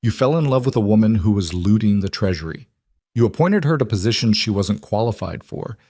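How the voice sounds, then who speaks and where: A man with a low voice speaking as a cold, ruthless queen who rules alone, in an icy, clipped and commanding way. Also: expressive, fairly quick, darkish tone, no room sound, studio quality.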